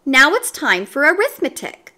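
A woman's voice: high-pitched, huge pitch swings, normal speed, pushed and bright, pitched above the performer's own voice, full character voice. A woman reading as a stern schoolteacher. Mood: brisk. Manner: firm, matter-of-fact. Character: stern no-nonsense female schoolteacher.

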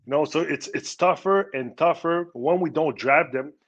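A former pro hockey player, a guest on a podcast, speaking earnestly with many halting restarts. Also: male voice, fairly high pitch, a bit bright, dull audio. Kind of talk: podcast interview.

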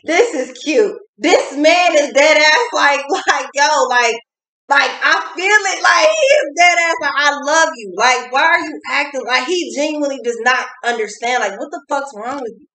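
A woman's voice: high voice, normal speed, bright, forceful tone. A woman giving a casual tarot reading, talking bluntly with lots of swearing and repeating phrases for emphasis. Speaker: tarot reader. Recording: echoey room.

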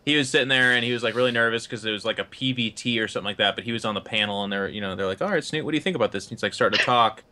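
A man, an esports caster, telling an anecdote on a panel show as a lively storyteller who restarts his sentences often. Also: fairly low pitch, racing, hardly any pauses.

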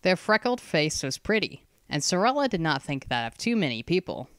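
A narrator reads a fantasy chapter in steady, scripted storytelling. The voice is smooth and resonant, sitting in the middle of the pitch range. The recording is close and dry. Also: normal speed, dry recording. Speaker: audiobook narrator.

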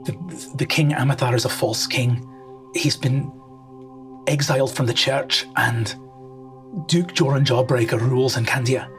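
A man's voice: medium pitch, fairly even intonation, unhurried, long pauses, soft background music, lightly acted. A man voicing a solemn sailor with a formal, grave delivery, in a tabletop game. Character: loyal sailor bearing grim news, solemn.

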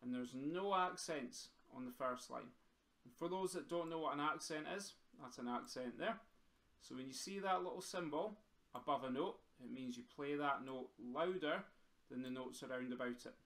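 A man's voice: mid-range voice, normal speed, a bit bright. A man teaching a live drumming lesson over a video call, chatty and encouraging as he counts in and explains the exercises. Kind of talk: live-streamed music lesson. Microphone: computer mic on a video call. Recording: roomy echo with faint drumming.

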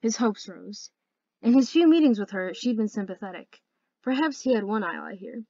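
A woman's voice: mid-range voice, lively intonation, normal speed, vocal fry, mellow, no echo, highs cut off. A woman reading a fantasy novel aloud as an amateur audiobook narrator, earnest and careful, with occasional slips. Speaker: audiobook reader.

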